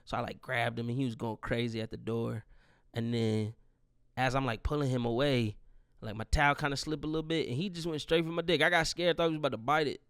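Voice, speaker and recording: Gravelly young man telling a grieving story. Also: mid-range voice, fairly even intonation, fast talker, fairly bright tone, no room sound, studio quality. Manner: rambling, profane, grieving storytelling. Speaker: podcast host. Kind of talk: casual monologue.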